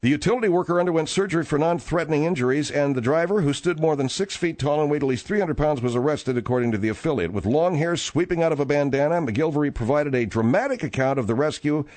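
A man's voice: fairly high pitch, animated, quick pace, few pauses, darkish tone, no room sound. A man hosting a talk radio show, reading news with wry, offhand remarks.

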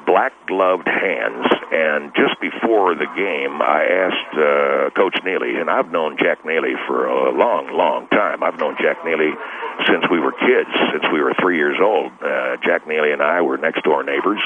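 A man playing a blustery, long-winded middle-aged girls' softball coach with a Texas accent, calling into a radio comedy bit, rambling and correcting himself defensively. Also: very deep voice. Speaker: caller. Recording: tinny phone line with faint hiss.

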